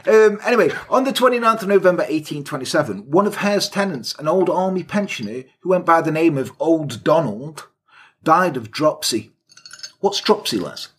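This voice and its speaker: Husky man telling crude true-crime jokes. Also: on the high side, expressive, moderate pace. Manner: crude, jokey, sarcastic asides. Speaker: podcast co-host. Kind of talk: casual comedic true-crime storytelling.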